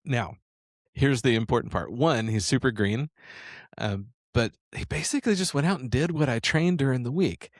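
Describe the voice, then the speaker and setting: A man's voice: medium pitch, moderate pace, dry recording, studio quality. A man hosting a sales coaching show, telling a story and promoting a training series in an enthusiastic, rambling way with frequent restarts. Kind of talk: casual sales coaching talk.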